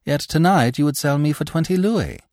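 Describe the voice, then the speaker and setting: A man's voice: a little high, expressive, normal speed, darkish tone, dry recording, pitched above the performer's own voice, close to an everyday voice. A man voicing a sardonic young lawyer who answers with dry, mocking sarcasm, in a storybook reading.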